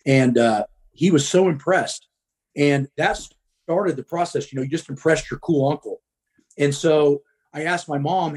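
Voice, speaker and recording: A man's voice: fairly high pitch, unhurried, darkish tone, husky. Blunt, profane middle-aged man. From Midwest US. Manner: blunt, profane, frequent ums. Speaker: guest. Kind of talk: casual storytelling.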